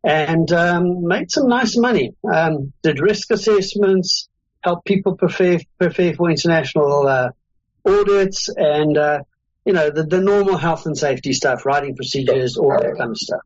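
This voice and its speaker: A man's voice: fairly high pitch, moderate pace, dry recording. South African man, easygoing guest. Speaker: guest, consultant. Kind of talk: casual interview chat. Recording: dull lo-fi audio.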